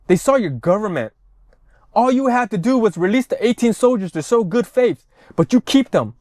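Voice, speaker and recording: High-pitched man, profane ranting news commentator, dry close sound. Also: expressive, moderate pace, a little mellow, dry recording. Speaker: political commentator.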